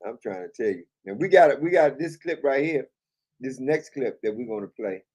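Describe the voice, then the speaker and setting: A man's voice: medium pitch, animated, normal speed, a little mellow, breathy edge. A man hosting a live stream, chatting casually about viral clips, laughing often and repeating himself. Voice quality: laughs often while talking, repeats phrases. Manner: loose, amused, chatty.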